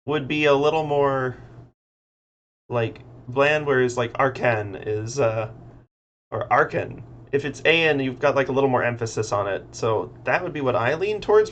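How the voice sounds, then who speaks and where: Man, casual livestream chat, musing aloud, mid pitch, faint background hum. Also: highs cut off. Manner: musing, muttering names aloud to himself. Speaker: streamer.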